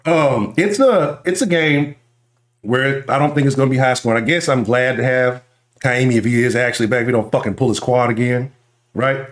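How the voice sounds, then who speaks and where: A man with a Houston accent hosting a live sports talk stream, ranting loudly and profanely while reading the chat. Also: mid-range voice, normal speed, roomy sound. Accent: Houston Texas. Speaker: sports talk show host.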